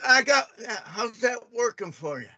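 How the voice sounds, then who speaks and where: A man's voice: very high-pitched, expressive, normal speed, a crowd in the background. A man in a heated argument who taunts his opponent and keeps cutting in to demand a turn. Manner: taunting, keeps cutting in with repeated calls for attention. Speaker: debater.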